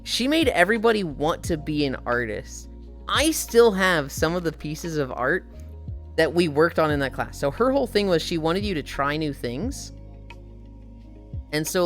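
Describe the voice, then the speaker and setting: A woman in her twenties streaming casually, telling profane stories and reading chat aloud. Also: deep voice.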